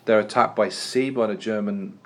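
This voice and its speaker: Brief: a male history teacher with a lowish voice, lecturing casually with jokes and restarts. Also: steady tone, normal speed. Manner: chatty, jokey, with frequent restarts. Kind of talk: classroom lecture.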